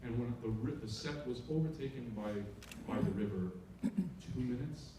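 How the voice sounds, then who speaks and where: A film director on a festival panel, telling stories in an animated way and acting out other people's voices. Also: male voice, mid-range voice, moderate pace, noisy background. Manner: animated storyteller, acts out voices. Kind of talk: panel talk. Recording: echoey hall recorded from far off.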